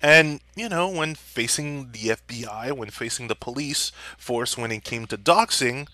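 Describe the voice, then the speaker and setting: A young man delivering an angry, profanity-filled vlog rant and shouting at times. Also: medium pitch, unhurried, dry recording. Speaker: vlogger.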